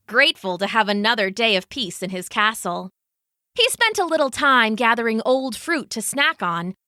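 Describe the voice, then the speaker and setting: Animated female storyteller, high bright voice, dry close sound. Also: clean tone, no room sound. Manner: expressive, animated. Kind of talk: children's story narration.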